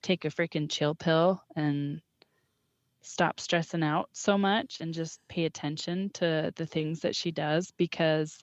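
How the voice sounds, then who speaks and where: Young woman co-host, casual and self-mocking, slightly low voice, dull dry recording. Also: steady tone, a little slow, no room sound. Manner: rambling, self-deprecating, laughs often. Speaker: podcast co-host. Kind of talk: casual chat. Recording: dull lo-fi sound.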